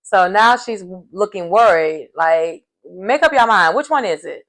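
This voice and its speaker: A woman's voice: mid-range voice, expressive, unhurried, a bit bright. A woman casually recapping a reality show episode, chatty and opinionated, with playful asides.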